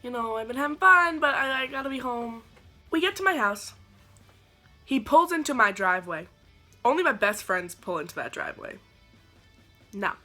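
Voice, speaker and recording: A woman in her twenties telling a dating story to camera, animated and sarcastic, acting out her own quoted lines. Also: on the high side, moderate pace, pauses often, faint music behind. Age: 20s. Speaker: vlogger. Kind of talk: storytelling vlog.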